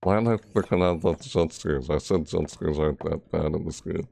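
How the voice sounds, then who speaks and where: A man's voice: very deep voice, a little fast, creaky, dark tone, a little hiss or hum. A man giving live horror game commentary through a VR headset, jumpy and frustrated, often breaking into panicked yelps and shrieks. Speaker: gameplay commentator.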